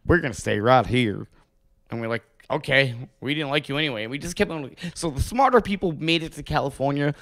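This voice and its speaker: A man in the host's chair of a casual podcast, rambling through profane stories. His mid-range voice leaps around in pitch as he gets worked up, and he jumps from thought to thought. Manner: rambling, profane, animated storytelling. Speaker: podcast host. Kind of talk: crude casual chat.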